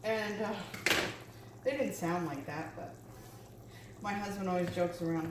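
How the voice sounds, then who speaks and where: Cooking at home, this woman vlogger talks in a chatty way, sprinkling in fillers and side comments. She speaks low-ish and unhurried, stopping often. It's recorded in a spacious kitchen with heavy background noise.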